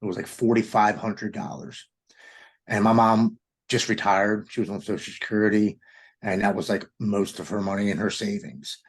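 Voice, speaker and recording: A man earnestly telling his recovery story, halting often with restarts and repeated words. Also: lowish voice, fairly even intonation, breathy edge. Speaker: podcast guest. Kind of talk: candid personal recovery story.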